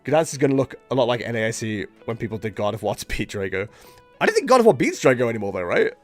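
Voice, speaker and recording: A man's voice: mid-range voice, big pitch swings, fast talker, faint music behind. A man at home streaming a card game, chatting casually in a rambling, self-mocking way. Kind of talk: casual live-stream commentary.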